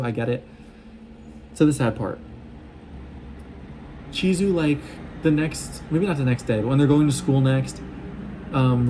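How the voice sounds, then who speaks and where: A man talking fast in a casual, excited recap vlog, rambling with lots of fillers and restarts, recorded on a phone. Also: on the high side, slight background noise. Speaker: vlogger recapping a show.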